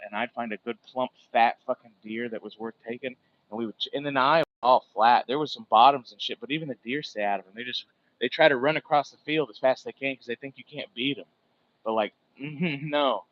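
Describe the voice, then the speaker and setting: Man from Alaska, mid-pitched, rambling and profane livestream host; muffled lo-fi phone audio from a distance. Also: a bit bright. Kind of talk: casual livestream chat while whittling. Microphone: phone set far from him.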